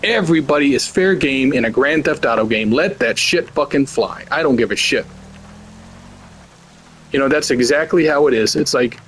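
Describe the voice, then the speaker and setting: A man's voice: medium pitch, lively intonation, moderate pace, fairly bright tone, a little hiss or hum. A man in his forties giving a blunt, profane, heated rant as the host of a gaming channel. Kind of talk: ranting commentary over gameplay.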